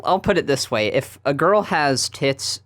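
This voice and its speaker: A man guesting on a casual podcast, talking haltingly with lots of fillers and nervous laughs. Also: on the high side, animated, a bit bright. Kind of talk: casual chat.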